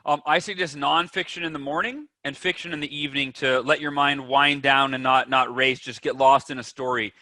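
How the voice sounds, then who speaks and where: A man's voice: medium pitch, steady tone, brisk, hardly any pauses, sharp tone, no room sound. A man guest on a podcast, talking with energy and emphasis and acting out the voices in people's heads. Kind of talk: animated interview talk.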